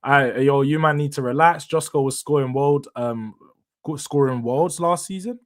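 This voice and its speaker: A young man runs a relaxed live stream. He talks in easy street slang and laughs often, chatting loosely with his viewers. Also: medium pitch, moderate pace. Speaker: livestream host. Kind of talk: casual stream chat.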